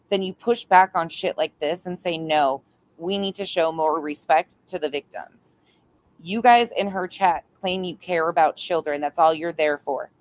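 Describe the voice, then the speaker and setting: A woman doing live stream commentary, blunt and exasperated, swearing freely. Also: fairly low pitch.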